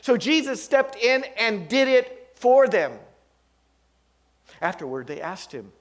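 A male pastor delivers a sermon in a high, lively voice. His preaching is animated, and his pitch rises and falls widely as he tells stories. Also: slow pace, pauses often. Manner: animated preaching with a story-telling swing.

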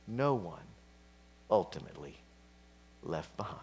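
A man preaching a sermon, casual and chatty, dropping to whispers and climbing to loud, fervent peaks. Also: lowish voice, expressive, unhurried, a little hiss or hum. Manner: conversational, with fillers and slips.

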